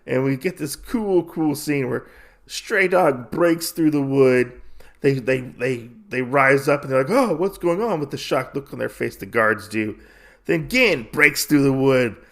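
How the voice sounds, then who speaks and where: Podcast guy rambling through a comic recap, gravelly voice, middle pitch, lots of uh and basically. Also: unhurried, fairly bright tone. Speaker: podcast host. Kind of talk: casual comic-book recap.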